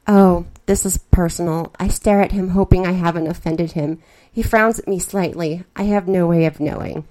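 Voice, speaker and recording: A woman reading a first-person story aloud, with expressive, flustered narration. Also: fairly low pitch, normal speed.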